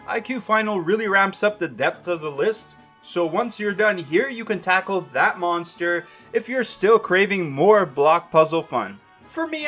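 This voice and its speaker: Young male host, high-ish voice, wry scripted guide narration. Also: sharp tone. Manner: wry, self-deprecating asides. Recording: voice-over over faint music.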